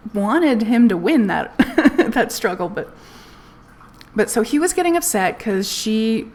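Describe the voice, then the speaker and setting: A woman's voice: medium pitch, slight background noise. A woman streaming live, telling a personal story in a candid, casual way and swearing freely. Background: faint music playlist.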